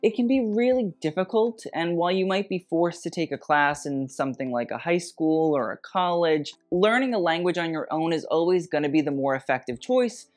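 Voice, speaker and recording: A YouTuber giving a sarcastic, snarky fashion critique in a scripted vlog, with wry deadpan asides. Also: medium pitch, moderate pace, few pauses.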